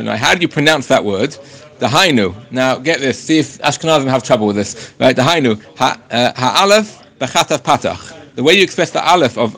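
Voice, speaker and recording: Halting man teaching a Torah class. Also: medium pitch, a bit bright. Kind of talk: Torah class, reading a text aloud and explaining it.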